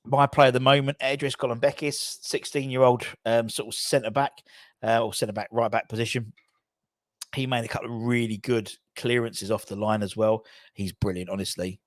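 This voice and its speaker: A man's voice: medium pitch, dry recording, clean studio sound. A man hosting a football channel, giving casual, rambling commentary full of self-corrections.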